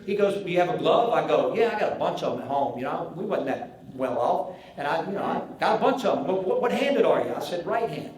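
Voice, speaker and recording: A man's voice: fairly high pitch, quick pace. Southern man telling stories in echoey hall. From American South. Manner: animated storyteller acting out dialogue. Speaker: banquet speaker, former pitcher. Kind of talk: humorous after-dinner storytelling. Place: large banquet hall.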